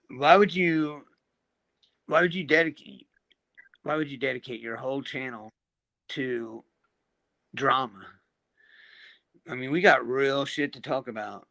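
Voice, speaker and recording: A man's voice: mid-range voice, bright, forceful tone, dry recording. A man co-hosting a live panel chat, blunt and exasperated, swearing freely. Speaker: panel co-host. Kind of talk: casual chat.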